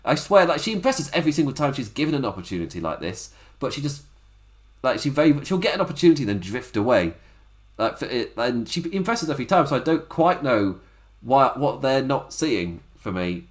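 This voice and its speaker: A man's voice: medium pitch, big pitch swings, fairly quick. A man giving a chatty, rambling spoken recap of a wrestling show, laughing often and acting out quotes.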